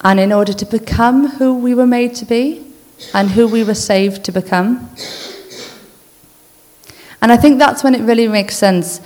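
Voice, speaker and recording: A woman giving an informal church talk, speaking earnestly in a conversational way and then reading a list slowly and deliberately. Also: a little high, darkish tone, a little hiss or hum. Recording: long hall reverb.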